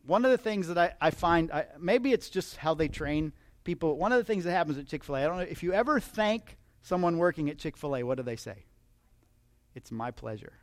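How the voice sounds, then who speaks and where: High-voiced chatty male preacher. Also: animated, fast, no echo. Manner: chatty and humorous, asks the audience questions. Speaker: pastor. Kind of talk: conversational sermon.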